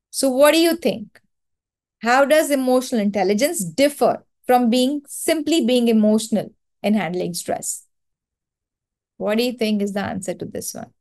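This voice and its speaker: Indian lady coaching a webinar, higher voice, keeps repeating yes yes for emphasis. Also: darkish tone. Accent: Indian English. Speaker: webinar trainer. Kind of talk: online training webinar.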